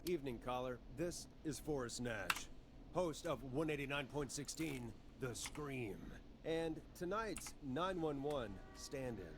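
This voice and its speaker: A late-night male radio host played by a man in a video game, with a mid-pitched voice and a calm, measured delivery. He sounds patient and a little wry. Steady hiss runs under the game audio. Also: close to an everyday voice.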